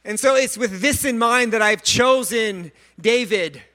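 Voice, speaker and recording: A male pastor preaching a sermon, earnest and animated, stumbling over repeated words and joking about himself. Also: extremely high pitch, measured pace. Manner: self-deprecating humor.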